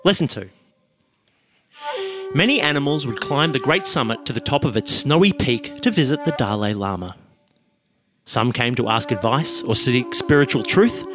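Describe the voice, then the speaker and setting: A man's voice: medium pitch, moderate pace, pauses often. Man reading an absurd comic story. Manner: deadpan, laughing at his own jokes. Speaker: podcast host and storyteller. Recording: music playing under the voice.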